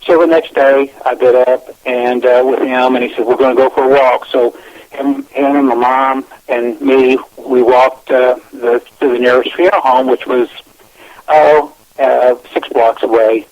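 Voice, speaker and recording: A man calling into a radio show, telling a personal story in a slow, rambling way, with frequent restarts and repeated words. His voice sits in the middle of the usual male range. It comes through a dull, lo-fi phone line. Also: mid-range voice, fairly even intonation, darkish tone. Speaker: guest telling his experiences.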